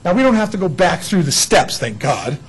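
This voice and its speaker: Chatty pastor, fairly high voice. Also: male voice, moderate pace, slightly rough, rough recording. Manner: chatty and animated, telling a story with jokes. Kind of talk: casual sermon.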